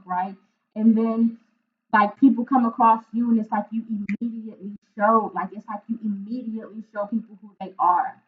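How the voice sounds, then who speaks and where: A woman's voice: a little high, fairly even intonation, normal speed. Earnest woman giving a tarot reading. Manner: earnest, repeats "right?" and "like"; emotional, searching for words. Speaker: intuitive tarot reader. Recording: phone-like narrow sound.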